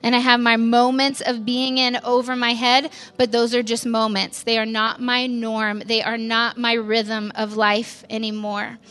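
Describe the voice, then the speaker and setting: Bright-voiced woman giving a candid church testimony. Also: on the high side, flat delivery, unhurried, hardly any pauses, smooth. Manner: candid, conversational, lots of "like" fillers, laughs at herself. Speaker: pastor's wife giving a testimony.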